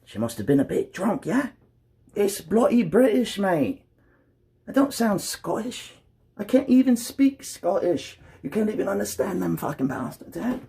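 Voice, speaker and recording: A man's voice: a little high, expressive, a little fast, few pauses, a little mellow, natural voice. A man putting on a cheeky, slangy British-bloke voice, swearing and mocking.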